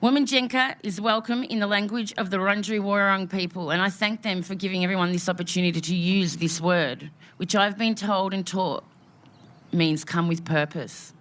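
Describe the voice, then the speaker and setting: A woman's voice: mid-range voice, fairly bright tone. An Australian woman speaking at an outdoor memorial gathering, giving a heartfelt, emotional welcome speech with rhythmic repeated phrases.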